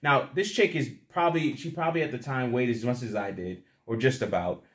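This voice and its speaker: A man's voice: medium pitch, brisk. A young man rambling casually to the camera, crude and profane, often laughing at his own stories. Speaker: vlogger.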